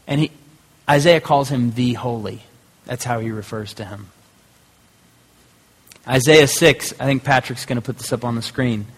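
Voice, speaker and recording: A man's voice: mid-range voice, normal speed, pauses often, slightly rough. Guy preaching a sermon, chatty, keeps restarting words, big echoey church. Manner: conversational preaching with repeated restarts. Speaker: pastor. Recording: hall with long reverb.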